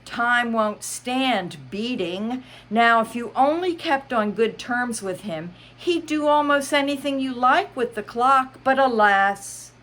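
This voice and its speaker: A woman voicing an eccentric, riddling male hatter in a storybook reading, pitched high and theatrical. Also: slow pace, a bit bright. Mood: whimsical. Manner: high, sing-song, theatrical.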